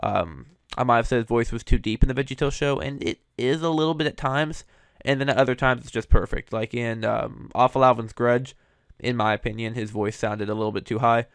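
A man's voice: mid-range voice, brisk, smooth, dry recording. A man hosting, giving casual, hedging commentary on cartoon voice recasts, with frequent fillers. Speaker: host reviewing voice recasts.

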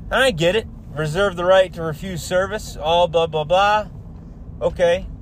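A contractor with a high-pitched voice tells a story at normal speed in a heated, profane rant, with a little hiss or hum in the audio. He rambles, swears a lot, and fills his speech with fillers and restarts.

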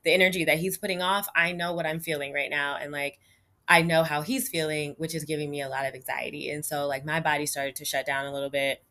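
Frank female vlogger, low register with a bright edge, casual "like"-heavy delivery. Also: flat delivery, fast. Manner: chatty, frequent "like" and "you know", addresses viewers as "y'all"; frank and emphatic. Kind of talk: candid personal storytelling.

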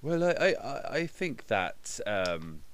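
A man's voice: mid-range voice, very animated, fairly bright tone, clear, resonant tone, exaggerated voice. A man putting on a pompous, grumbling Welsh-tinged skeptic. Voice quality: halting, pompous, full of hesitations. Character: grumpy, pompous male skeptic friend who scorns magic.

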